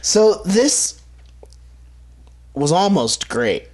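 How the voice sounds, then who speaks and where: A man with a fairly high voice on a podcast, speaking in a laid-back and slangy way. It is relaxed talk among friends. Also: extremely slow. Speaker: podcast co-host. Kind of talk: casual chat.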